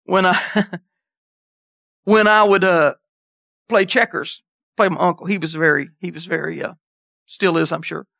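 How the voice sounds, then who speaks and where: A preacher gives an animated sermon, reading scripture and jumping up into high voices to make his point. His voice is bright and forceful. The recording is dry and close. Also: measured pace, vocal fry, pauses often, dry recording. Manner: animated, jumps into high voices, scripture in King James wording.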